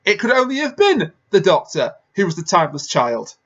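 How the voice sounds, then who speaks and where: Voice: mid-range voice, wildly swooping pitch, brisk, fairly bright tone. A podcast host in casual chat, laying out arguments step by step while reviewing an episode. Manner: explanatory, lays out arguments step by step. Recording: slightly dull, lo-fi mic.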